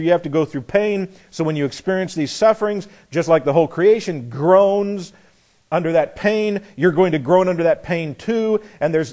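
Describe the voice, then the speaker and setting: Male preacher, earnest and emphatic sermon delivery, voice a touch high, given to restarts and rhetorical questions. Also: darkish tone.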